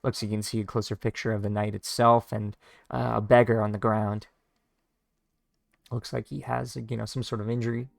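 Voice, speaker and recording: A man casually reading a comic aloud, describing the panels in an informal, halting way with many fillers. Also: on the low side, level tone, creaky, dry recording. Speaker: read-along narrator. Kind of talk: casual read-along of a comic.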